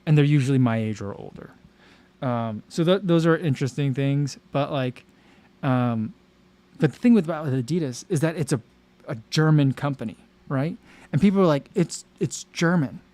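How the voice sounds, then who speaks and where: An American man hosting a casual livestream, talking in a rambling, animated way with lots of fillers and restarts. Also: medium pitch, normal speed. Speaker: livestream host.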